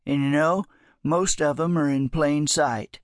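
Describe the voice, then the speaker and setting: A man voicing a gentle, teasing old male drifter with a folksy, drawling manner in an audiobook. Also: a little high, steady tone, measured pace, dry recording, clean studio sound, lightly acted.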